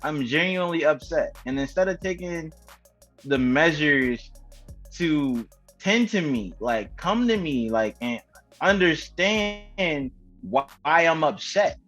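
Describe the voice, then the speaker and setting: Young guy cohosting, chill slangy replies, voice a bit high, faint music behind. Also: expressive, slow pace, fairly bright tone. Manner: laid-back, agreeing and chiming in with slang. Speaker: podcast co-host. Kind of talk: casual chat.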